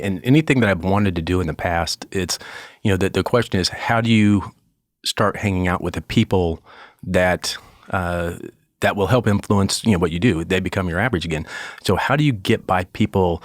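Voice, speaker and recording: A male podcast host with a low voice, drawn out and rambling as he builds up his questions. He leans on "you know" again and again. The recording is dry and close. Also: no room sound. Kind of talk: podcast interview.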